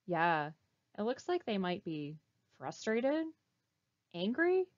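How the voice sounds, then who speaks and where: Librarian lady reading a kids book slow and bouncy, dry muffled sound. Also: mid-range voice, no echo. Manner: animated, asks children questions. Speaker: children's librarian. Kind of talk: reading a picture book aloud. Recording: dull, slightly muffled recording.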